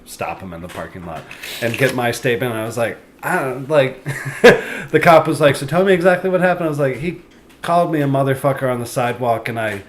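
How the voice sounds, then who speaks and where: A man's voice: medium pitch, lively intonation, fairly quick. A man telling a rambling, profane story in casual podcast chat, acting out the people in it. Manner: rambling, profane, slips into quoted voices. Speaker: comedian guest. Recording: noisy podcast recording.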